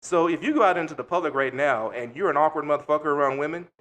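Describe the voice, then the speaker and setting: A man's voice: on the high side, fast. A man co-hosting a podcast, telling a story in casual chat with blunt, profane delivery. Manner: blunt, profane, animated retelling. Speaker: podcast co-host.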